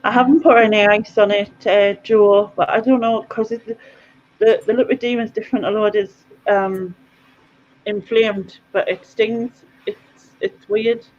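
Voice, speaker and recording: A woman hosts a casual live chat, telling stories in a chatty, lively way. Her voice sits in a middle pitch. The stream audio is dull and lo-fi. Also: measured pace. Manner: chatty, animated storyteller. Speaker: host.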